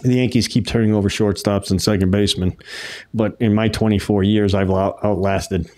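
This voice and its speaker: A man's voice: fairly low pitch, a little fast. A middle-aged man from Connecticut, a retired umpire, telling stories in a casual interview and acting out quotes. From Connecticut, United States. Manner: animated storyteller who acts out quotes. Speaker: retired baseball umpire, guest.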